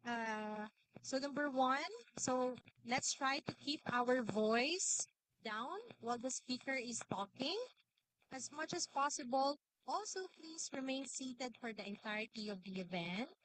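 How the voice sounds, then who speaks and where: A woman's voice: high-pitched, a little slow, fairly bright tone, slight background noise. A woman hosting an event in a hall, giving announcements with some hesitation. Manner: hesitant, with fillers and repeats. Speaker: event host.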